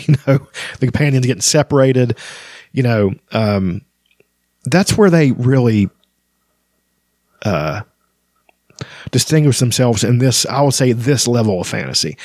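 A man's voice: medium pitch, a little mellow, dry recording, clean studio sound. A man casually talking through a book he is reading, with frequent filler words. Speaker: book reviewer.

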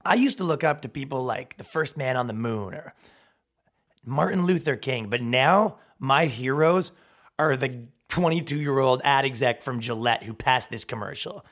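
A man in his thirties hosting a podcast, ranting in a heated, profane, comedic way and mimicking people in quick put-on voices. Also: mid-range voice, expressive, fairly bright tone. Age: 30s. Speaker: podcast host.

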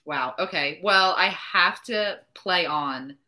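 Bright-voiced chatty young woman. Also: lowish voice, slow. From New Jersey. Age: 20s. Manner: chatty storyteller, lots of "like", acts out quotes. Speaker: podcast guest, pro soccer player. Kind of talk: casual chat.

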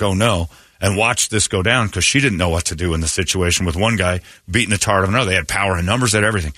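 A man with a low but bright, forceful voice hosts a casual morning radio show. He tells stories with energy and jumps up high when acting out what people said. The sound is dry and close. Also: no room sound. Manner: animated storytelling, acts out quotes in a raised voice.

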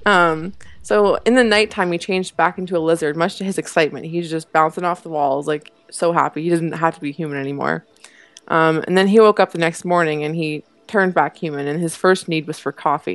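A woman's voice: deep voice, steady tone, a little fast, creaky, dry recording. A young woman co-hosting a podcast, casually recapping a TV episode with a giggly, rambling manner full of fillers. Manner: chatty, giggly, lots of fillers and likes. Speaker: podcast co-host.

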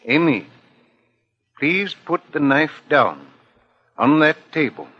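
An actor playing a calm, persistent detective asking measured questions in a 1950s radio drama. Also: male voice, on the high side, heavily acted. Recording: lo-fi old radio broadcast.

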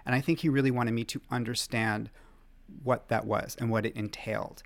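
A man, a magazine writer, as a guest on an interview podcast, telling animated anecdotes with quick laughs. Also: mid-range voice, creaky.

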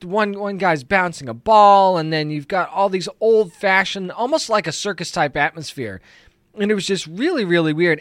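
Man reviewing a TV episode, enthusiastic and rambling, slightly raised pitch, dry recording. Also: fairly bright tone, dry recording. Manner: enthusiastic, rambling, lots of fillers. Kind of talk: casual recap and review.

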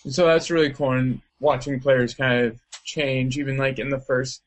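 A man chatting casually in an interview, his talk loose and rambling, full of likes and ums. His voice sits at an ordinary middle pitch. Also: level tone, moderate pace. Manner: loose, rambling, heavy on fillers. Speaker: interviewee, video game player.

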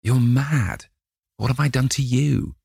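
A man reading an audiobook, voicing a young gentleman who stammers in fear and then turns cold and stern. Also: low voice, steady tone, moderate pace, gravelly, no room sound, studio quality. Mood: terrified. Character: young man, panicked then coolly arrogant.

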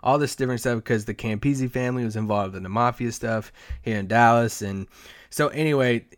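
A man's voice: medium pitch, brisk, no room sound, clean studio sound. A man co-hosting a casual sports podcast, telling loose, rambling stories with lots of fillers and restarts. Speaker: podcast co-host, team site editor. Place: Dallas area.

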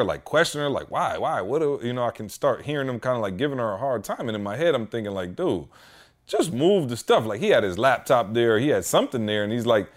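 A man in his thirties, a podcast co-host, telling a story in casual chat and acting out the people in it with heated voices. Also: medium pitch. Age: 30s.

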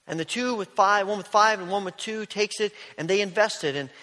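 Guy preaching a sermon, kinda high voice, chatty storytelling, echoey church hall. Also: fairly quick. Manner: conversational storytelling, drops to soft near-whispers. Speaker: pastor.

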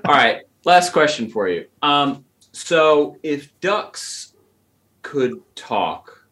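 A man's voice: fairly high pitch, big pitch swings, drawn-out words, a bit bright, a little hiss or hum. A man interviewing a guest in a casual, upbeat and encouraging way.

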